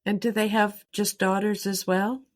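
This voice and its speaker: A woman's voice: mid-range voice, level tone, moderate pace. A woman co-hosting a casual chat, listening supportively and reflecting back on her friend's story. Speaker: podcast co-host.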